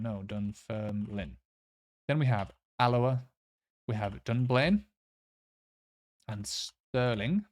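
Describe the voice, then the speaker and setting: A man giving casual commentary while playing a map quiz, hesitant, with many fillers and unsure pronunciations. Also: fairly low pitch. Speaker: quiz player.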